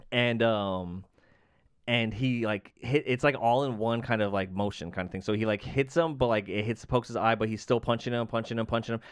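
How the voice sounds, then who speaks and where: A man co-hosting a podcast, telling stories in animated casual chat, packed with filler words and the odd swear. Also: medium pitch, moderate pace, smooth, no echo, studio quality. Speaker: podcast co-host.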